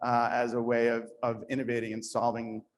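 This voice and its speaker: Guy giving a loose, joking talk to a room, mid pitch, lots of restarts. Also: monotone, brisk, slight background noise. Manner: conversational, self-deprecating, with many restarts. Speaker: speaker at a startup event. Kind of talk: live conference talk. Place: event venue with an audience.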